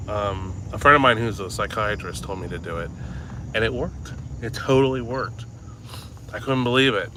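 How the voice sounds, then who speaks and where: A man's voice: lowish voice, moderate pace. A man vlogging as he walks outdoors, chatting casually in a rambling, cynical way, with lots of swearing and filler words. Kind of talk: casual chat. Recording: loud street noise. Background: traffic and street noise.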